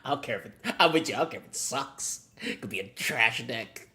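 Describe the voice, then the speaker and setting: Lively, bright-voiced swearing game streamer. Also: medium pitch, brisk. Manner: swears freely, swings between loud outbursts and muttering; self-mocking and laughing at own mistakes. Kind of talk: casual live-stream commentary while playing.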